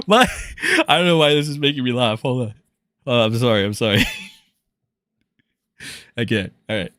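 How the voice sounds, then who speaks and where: A man's voice: on the high side, wildly swooping pitch, unhurried, long pauses, sharp tone, no room sound, clean studio sound. A man doing profane live-stream commentary, mocking and crude, swearing and laughing often.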